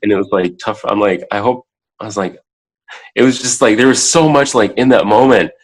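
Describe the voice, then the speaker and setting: A man in his thirties, a podcast guest talking casually from a child's room at home, halting and full of filler words, turning animated when he acts out his own past words. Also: on the low side, rough recording. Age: 30s. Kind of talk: casual interview talk.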